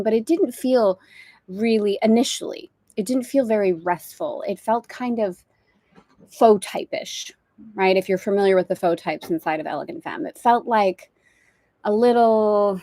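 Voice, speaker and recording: A woman's voice: mid-range voice, a little slow, a little mellow, no room sound. A woman teaches a spiritual lesson on a live stream from a boat at anchor. She is chatty and thoughtful and laughs easily. Her voice sits in a middle range and is recorded dry and close. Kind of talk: casual livestream teaching. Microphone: external mic on a live video stream.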